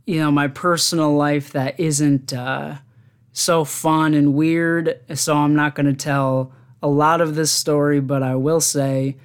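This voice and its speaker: A man's voice: on the high side, clear, resonant tone. A man hosting his own podcast alone, telling rambling stories in casual chat and often laughing at them. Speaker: podcast host.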